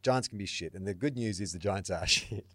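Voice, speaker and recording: Aussie male co-host, low voice, close dry studio sound, animated yarns. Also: a little fast, no room sound. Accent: Australian. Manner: animated storyteller, acts out quotes loudly. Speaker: podcast co-host. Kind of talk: casual chat.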